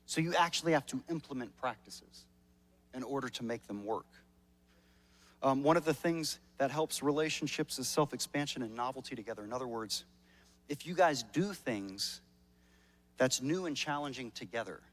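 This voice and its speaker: A man's voice: medium pitch, animated, moderate pace. A male pastor preaching a sermon at a church service in a conversational, joking way, often repeating words as he starts a sentence.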